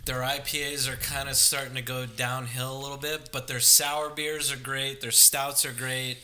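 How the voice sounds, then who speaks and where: Bright-voiced easygoing man. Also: medium pitch, little pitch movement, normal speed. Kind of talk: casual chat.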